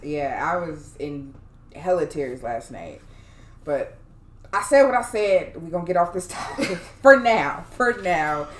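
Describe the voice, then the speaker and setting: A woman's voice: sits low, animated, a little slow. A young woman co-hosting a casual podcast, talking emphatically and swearing. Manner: emphatic, sweary, talks over her co-host. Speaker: podcast co-host. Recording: echoey room with faint noise.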